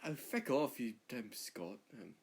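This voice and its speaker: A man's voice: mid-range voice, animated, unhurried, darkish tone, breathy edge. A man doing a smug, rambling Englishman. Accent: put-on English. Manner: hesitant, rambling, repeats words. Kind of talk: comedic accent impression.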